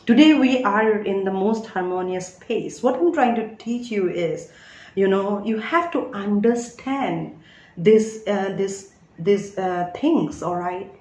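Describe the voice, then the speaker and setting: A woman's voice: medium pitch, slow, darkish tone, reverberant, poor audio. A woman giving an earnest spiritual teaching talk as a reader, often asking listeners whether they follow her.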